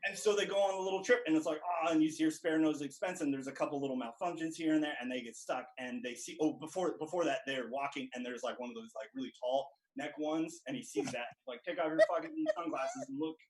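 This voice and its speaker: A man's voice: a little high, fast, few pauses, background noise. A man performing stand-up as a contestant, crudely retelling a movie plot in a rambling way and laughing at his own jokes. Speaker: comedian contestant.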